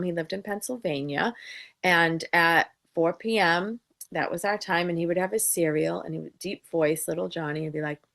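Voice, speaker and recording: A woman with a low, gravelly voice talks casually. She tells stories and slips into the voices of the people she quotes. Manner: storytelling, acts out quoted voices. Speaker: co-host. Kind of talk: casual chat.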